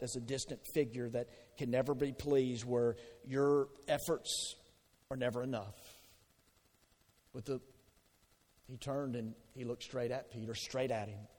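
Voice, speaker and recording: A man preaching a sermon as pastor, conversational and animated, asking the congregation questions. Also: mid-range voice. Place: church sanctuary. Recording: long hall reverb.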